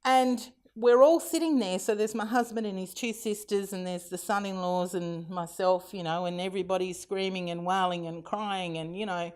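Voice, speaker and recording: A woman's voice: mid-range voice, fairly even intonation, moderate pace, few pauses, a little mellow. A middle-aged Australian woman giving a keynote talk, telling funny family anecdotes in a chatty way and acting out the quotes, with frequent laughter. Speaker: keynote speaker. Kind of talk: conference keynote storytelling.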